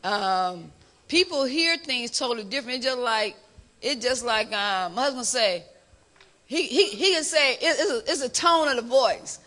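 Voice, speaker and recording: A middle-aged woman with a Chicago accent, the pastor's wife, answering questions in a lively, animated way in a church discussion. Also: a little high, normal speed. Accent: Chicago African American English. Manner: lively, animated storytelling with laughter.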